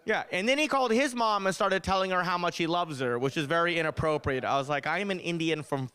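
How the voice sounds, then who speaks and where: A young man doing a stand-up comedy set, telling animated stories with punchy delivery. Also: high voice, fast, smooth, no room sound. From United States.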